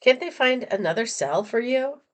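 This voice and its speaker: A woman's voice: a little high, animated, normal speed, pitched above the performer's own voice, lightly acted. A woman reading aloud the part of a dazed, pleading female prisoner who is a spy, in an earnest storybook voice. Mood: indignant.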